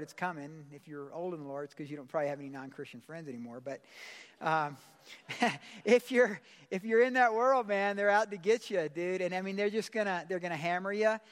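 A man pastor preaching a sermon in a church service. He talks casually, uses slang and puts questions to the congregation. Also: high voice. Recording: long hall reverb.

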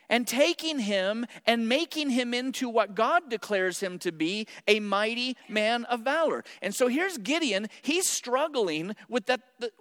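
A man preaching a sermon to his congregation, animated and playful, with joking asides to the listeners. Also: sits high, in a large hall. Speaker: pastor. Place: church sanctuary.

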